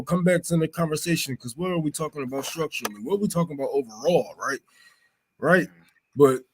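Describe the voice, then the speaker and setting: A man's voice: medium pitch, a little mellow, low-quality recording. A man speaking as an activist on a livestream panel, blunt, profane and emphatic.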